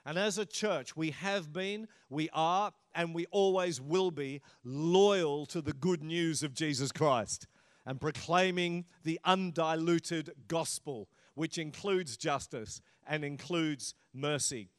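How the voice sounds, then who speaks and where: Middle-aged guy pastor preaching, chatty and jokey, kinda high voice. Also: takes it slowly. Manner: conversational and humorous preaching. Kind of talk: sermon.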